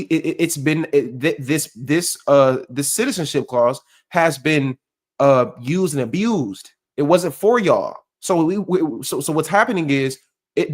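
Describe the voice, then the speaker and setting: A man delivers heated commentary to his stream. He talks bluntly and profanely, circling back to hammer the same points over and over. His voice sits a little on the high side for a man. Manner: blunt, profane, repetitive and emphatic.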